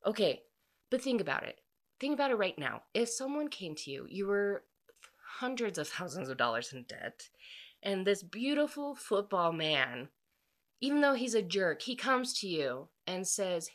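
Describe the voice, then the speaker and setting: A young woman casually retelling a book's plot in a chatty, animated way, full of filler "likes". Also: medium pitch, moderate pace. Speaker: book vlogger.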